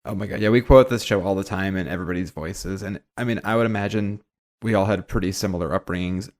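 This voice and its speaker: A man's voice: low-pitched, fast, darkish tone. A man co-hosting a podcast, chatting casually with wry jokes. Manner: wry, joking. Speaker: podcast co-host.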